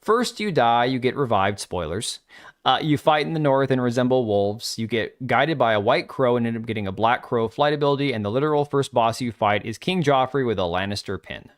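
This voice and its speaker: A man's voice: mid-range voice, expressive, a little fast. A man from Washington state hosts a casual gaming livestream. He rambles through opinions and chat messages, blunt and offhand, with the odd swear word. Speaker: livestream host.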